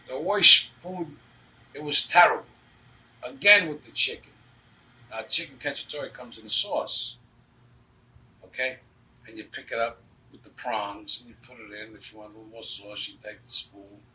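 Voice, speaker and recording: Older new york guy telling stories, blunt and streetwise, acts out the lines, bright voice, mic kinda far off w/ faint hiss. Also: mid-range voice. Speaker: interviewee. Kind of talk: anecdotal storytelling. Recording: distant mic with faint background noise.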